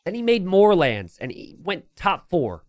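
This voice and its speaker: A man calls a competitive match live from his home streaming setup. His pitch leaps up and down as he talks. He rambles into jokey, self-deprecating asides between calls of the game. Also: sing-song, unhurried, no echo. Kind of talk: live game commentary mixed with casual chat.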